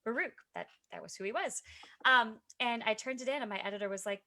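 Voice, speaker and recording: A woman's voice: a little high, normal speed, sharp tone. A woman author talking as a guest on a video call, chatty and self-deprecating, with many fillers and restarts. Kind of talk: casual video chat.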